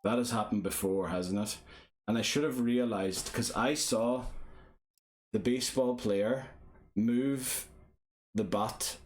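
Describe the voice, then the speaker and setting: A man's voice: mid-range voice, steady tone, slow pace. A man giving casual, self-deprecating commentary to viewers while playing a motion-control game live. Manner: chatty, self-deprecating, thinking aloud to viewers. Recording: game music playing behind the voice. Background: game music.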